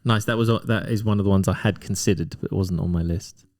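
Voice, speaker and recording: A man with a low, mellow voice eagerly shares film trivia as a podcast co-host. The recording is dry and close, with no room sound. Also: steady tone, fast, dry recording. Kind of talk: casual chat.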